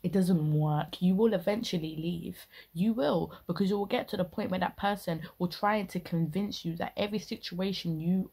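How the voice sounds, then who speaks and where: A woman's voice: mid-range voice, darkish tone, slightly rough. A young woman ranting indignantly in casual reaction commentary, full of slang. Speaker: reaction video host.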